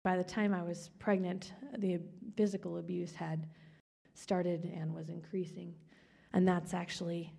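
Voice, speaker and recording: A woman sharing a personal testimony. She speaks earnestly and often drops to a hushed whisper. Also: fairly low pitch, flat delivery, measured pace, creaky, long reverb tail.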